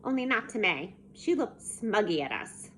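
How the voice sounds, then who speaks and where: A woman reading a children's chapter book aloud in a lively, expressive way. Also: medium pitch, normal speed, a little hiss or hum. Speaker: storybook reader.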